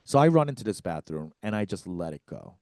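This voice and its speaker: A man's voice: deep voice, very animated, fairly quick, dark tone, no echo. Man, comedy podcast co-host, profane storyteller, acts out quotes, dry close mic.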